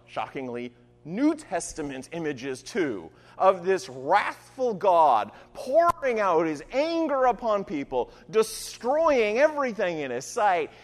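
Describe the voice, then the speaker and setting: A preacher giving an animated, conversational sermon, full of rhetorical questions and asides that restart with "I mean". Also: medium pitch. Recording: long reverb of a large hall.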